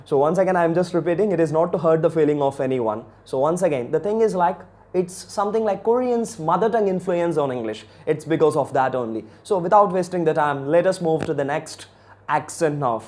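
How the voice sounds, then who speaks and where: A man's voice: fairly high pitch, fairly quick, a little mellow. A man with an Indian accent giving a chatty video lesson on English accents, talking straight to viewers with many fillers.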